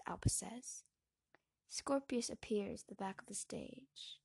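Husky-voiced woman reading a play aloud. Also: medium pitch, fairly even intonation, a little slow, dry recording. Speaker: reader.

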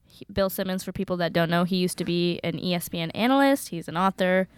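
A woman producer chatting casually in a podcast studio, upbeat and quick. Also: lowish voice, smooth, no room sound. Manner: upbeat, quick with short interjections.

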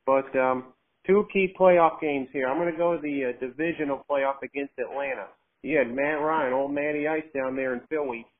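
A man's voice: mid-range voice, fairly even intonation, normal speed. A man hosting a casual podcast chat, joking and leading the questions. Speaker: host. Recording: narrow phone-like sound.

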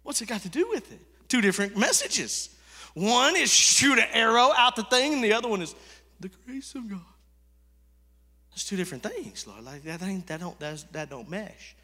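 Bright, high-voiced preaching man. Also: expressive, moderate pace. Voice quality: conversational, swings from hushed to loud. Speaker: pastor. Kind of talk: sermon. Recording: echoey hall reverb.

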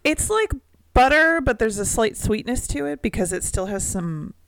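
A woman co-hosting a podcast in casual chat, calmly explaining and often saying "mm-hmm". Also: fairly high pitch, moderate pace, poor audio. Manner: calm, explanatory, frequent "mm-hmm". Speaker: podcast co-host.

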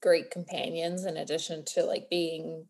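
A woman's voice: low-pitched, little pitch movement, moderate pace, a little mellow. A woman co-hosting a podcast, responding to a story in a reflective, casual chat. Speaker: podcast co-host.

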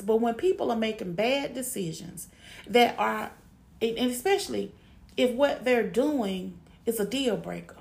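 A woman's voice: on the high side, gravelly. A woman giving frank relationship advice to women in a blunt, emphatic monologue, often repeating herself.

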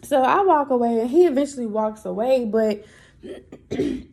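A young adult woman hosting a podcast, telling a story in a chatty, animated, profane way. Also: high voice, fairly quick, gravelly. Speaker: podcast host. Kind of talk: casual storytelling monologue.

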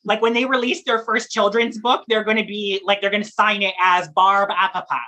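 Bright, husky woman chatting animatedly. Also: medium pitch, fairly quick. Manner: animated, chatty, laughs often, playful voices for puns. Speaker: drag performer and story time reader. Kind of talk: lively guest interview.

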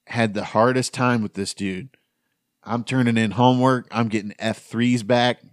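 A man in his thirties tells a rambling school story to his friends, cursing often and slipping into the voices of the people he quotes. His voice sits at an ordinary middle pitch. The sound is dry and close, with no room around it. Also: moderate pace, dry recording. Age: 30s. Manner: profane, animated storyteller acting out quotes. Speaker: podcast host. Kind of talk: casual storytelling among friends.

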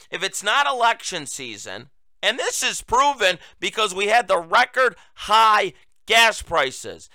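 A man hosting a political commentary show, sarcastic and combative, mocking his targets and pushing his voice up to near-shouting for emphasis. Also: high voice, gravelly, dry recording. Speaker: host.

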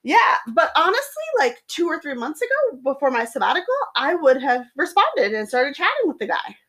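A woman's voice: high-pitched, very animated, normal speed, a bit bright. A woman hosting a podcast in casual chat, animatedly acting out a text exchange. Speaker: podcast host. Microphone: studio mic.

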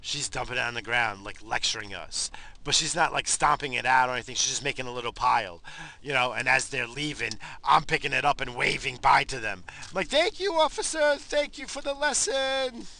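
Sitting in his parked car, a middle-aged New York vlogger rambles in a laid-back, profane way, laughing as he tells stories. His mid-range voice moves quickly with fairly even intonation, sounding creaky, pushed and bright.

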